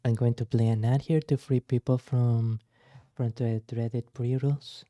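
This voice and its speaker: A man streaming as a VTuber, reacting to clips in a soft-spoken, somewhat formal way. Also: mid-range voice, little pitch movement, moderate pace, no echo, clean studio sound.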